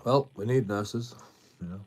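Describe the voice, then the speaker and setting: British guy on a livestream, really deep voice, sweary and combative, keeps repeating himself. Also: unhurried, a little mellow, husky. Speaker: live streamer. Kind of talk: ranting at chat on a livestream.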